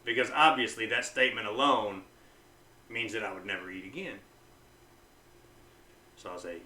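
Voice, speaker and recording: Blunt, bright-voiced man in an echoey room. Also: normal speed, pauses often, recorded from a distance, slight background noise. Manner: blunt and profane, swings from loud hype to low intensity. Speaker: vlogger on fasting. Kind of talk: casual motivational talk to camera.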